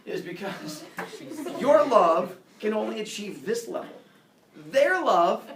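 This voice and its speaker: A man's voice: high voice, big pitch swings, slow, fairly bright tone, slight background noise. A man teaching a class, talking in a playful, theatrical way. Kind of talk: classroom lesson. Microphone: camera across the room. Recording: echoey classroom from far off.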